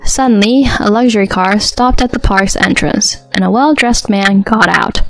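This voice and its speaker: A woman tells a first-person story in an even, steady, mid-pitched voice. Faint music runs quietly underneath her narration. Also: moderate pace, dry recording.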